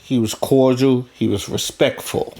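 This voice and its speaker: A man's voice: medium pitch, steady tone, unhurried, a little mellow. A man talking bluntly in a casual monologue, profane and rambling, restarting his sentences as he goes. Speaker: vlogger.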